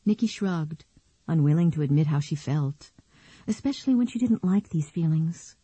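A female audiobook narrator with a low, warm voice and a soft, breathy texture. She tells the story in an even, unhurried way. The recording is close and dry, with no room around it. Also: no echo. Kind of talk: scripted narration.

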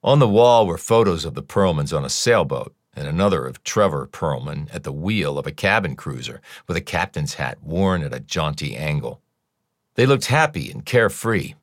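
A man reading an audiobook in a measured, even narration. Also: sits low, no room sound, clean studio sound. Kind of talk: scripted narration.

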